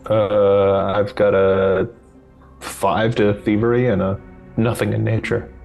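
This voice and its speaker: A man's voice: fairly low pitch, flat delivery, slow, gravelly, darkish tone, faint music behind. A man playing a tabletop game, casually describing his character's actions. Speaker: player.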